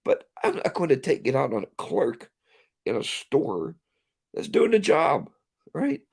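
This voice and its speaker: A man's voice: on the high side, wildly swooping pitch, measured pace, creaky, a little mellow, slightly rough. A man hosting a casual livestream, ranting and reading viewer comments aloud. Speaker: livestream host.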